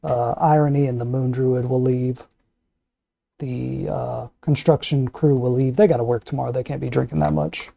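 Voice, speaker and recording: GM for tabletop session, male, very mellow dark tone, dry close sound. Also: mid-range voice, steady tone, normal speed, vocal fry, no echo, lo-fi sound. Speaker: game master. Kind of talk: narrating a tabletop game.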